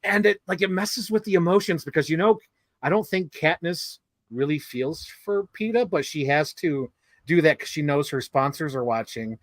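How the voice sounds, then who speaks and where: Animated man, slightly high, dry sound. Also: normal speed, no echo. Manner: animated, laughs often, acts out movie lines. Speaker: podcast co-host. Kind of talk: casual film discussion.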